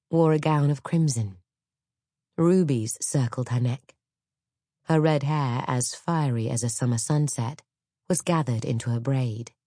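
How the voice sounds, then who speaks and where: A woman narrating a dark fairy-tale audiobook in a measured, dramatic storytelling manner. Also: extremely low pitch, no room sound, studio quality.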